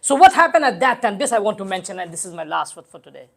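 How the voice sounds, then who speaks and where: A man giving an emotional mourning sermon, moving from hushed, drawn-out phrases to raised, shouted lines. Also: sits high, animated, vocal fry. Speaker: religious lecturer.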